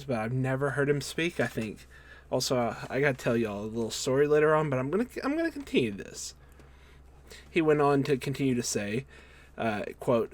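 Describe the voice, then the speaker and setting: A man hosting his own wrestling news channel, recapping the day's stories in a loose, casual way with lots of fillers and self-corrections. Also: mid-range voice.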